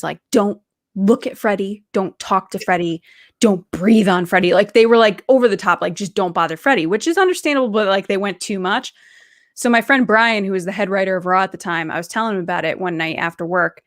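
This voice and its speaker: A woman in casual chat, telling lively anecdotes and acting out the quoted lines. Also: medium pitch, dry recording, studio quality.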